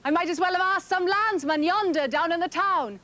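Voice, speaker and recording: A woman's voice: very high voice, moderate pace, fairly bright tone. A woman voicing a proud, anxious mother who demands news of her sailor son, in a dramatic poetry recitation. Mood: pleading. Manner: insistent, pleading.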